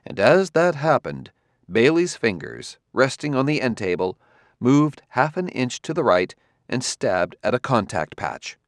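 A man reading a story aloud in a measured narrating style. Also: mid-range voice, sing-song, dry recording, clean studio sound. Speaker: audiobook narrator. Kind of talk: scripted narration.

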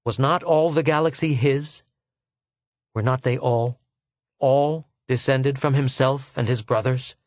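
A male narrator reads a science-fiction novel in a measured, steady voice of middle pitch. The recording is dry and close, with no room sound. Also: no room sound. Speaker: audiobook narrator. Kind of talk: scripted narration.

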